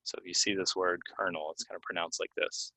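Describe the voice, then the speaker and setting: Low-voiced man teaching pronunciation. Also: flat delivery, bright, forceful tone, no room sound, poor audio. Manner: casual, explains with many fillers and repeats words slowly. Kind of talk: relaxed video lesson. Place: Florida.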